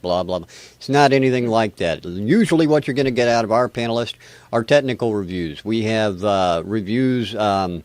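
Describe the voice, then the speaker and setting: A man's voice: medium pitch, lively intonation, normal speed, darkish tone, no room sound. Male host, American, casual and rambling, dry close sound. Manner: chatty, rambling, self-deprecating. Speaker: show host. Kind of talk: casual live webcast hosting.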